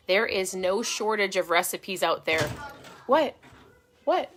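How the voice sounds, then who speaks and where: Middle-aged woman host, bright and forceful tone, chatty encouraging live-stream delivery from home. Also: medium pitch, animated, normal speed. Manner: chatty, encouraging, restarts her sentences. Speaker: host of a keto diet channel. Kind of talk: casual live-stream tips. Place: her home.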